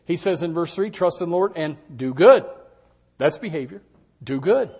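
A man's voice: on the high side, moderate pace, breathy edge. An older man preaching a sermon, often acting out doubters' replies in a raised voice. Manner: animated, acts out congregants' doubts in raised voices.

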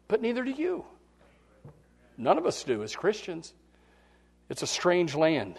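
A male pastor with a notably high voice delivers a sermon. He sinks to near-whispered pleading, then climbs into loud, shouted passages. His talk is full of restarts and repeated words. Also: huge pitch swings, measured pace, vocal fry, pauses often, slightly rough.

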